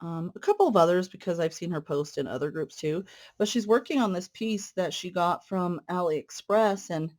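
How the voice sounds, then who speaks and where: Here a woman with a lowish, dark-toned voice rambles amiably to her audience as she stitches. Asides and filler words run through her talk, and she trails off now and then to focus on threading and pulling the thread.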